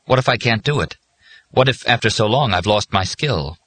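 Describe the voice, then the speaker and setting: A man's voice: lowish voice, animated, normal speed, fairly bright tone, husky, voice pushed up. Man reading a worried, weary working man. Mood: anxious. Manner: worried, pleading. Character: anxious out-of-work man, weary and afraid.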